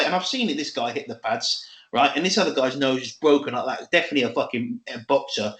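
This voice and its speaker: Podcast co-host, man, high lively voice, roomy echo, sweary animated rant. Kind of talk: casual chat.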